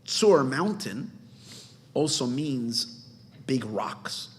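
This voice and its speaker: A man's voice: mid-range voice, normal speed, fairly bright tone. A man, a rabbi, teaching a Torah class in an earnest explaining manner, often restarting his phrases and mixing in Hebrew terms. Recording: long hall reverb.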